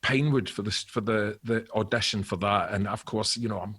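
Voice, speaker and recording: Scottish man, middle-aged, bright husky voice, lively podcast storytelling. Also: on the low side, brisk. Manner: animated anecdotes, swearing, acts out quotes. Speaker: actor and musician guest.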